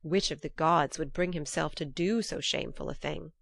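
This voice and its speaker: A woman's voice: deep voice, moderate pace, vocal fry, dry recording, studio quality. A woman voicing a council of gods speaking as one in a storybook reading. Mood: urgent.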